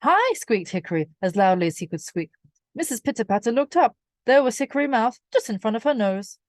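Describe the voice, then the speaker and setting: A woman reading a children's storybook aloud, slow, clear and expressive for young listeners. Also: fairly high pitch, dry recording, studio quality. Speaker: reader.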